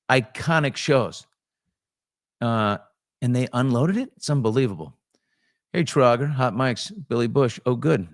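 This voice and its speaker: A man's voice: mid-range voice, no echo, clean studio sound. A man hosting a casual chat show, reading viewer comments off the cuff with frequent ums and restarts. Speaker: host.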